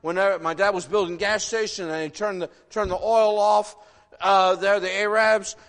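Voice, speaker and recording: Older guy preaching, high voice, folksy and animated, lots of "you know what?", big echoey church. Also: moderate pace. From northern United States. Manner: animated, folksy, many rhetorical questions. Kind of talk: sermon. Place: church sanctuary. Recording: long reverb of a large hall.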